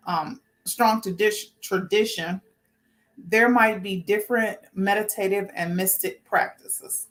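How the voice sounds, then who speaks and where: A woman hosting a casual spiritual talk, earnest and informal, often restarting sentences as she works through her points. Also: medium pitch. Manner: rambling, restarts, talks herself through points. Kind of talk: casual spoken talk with notes.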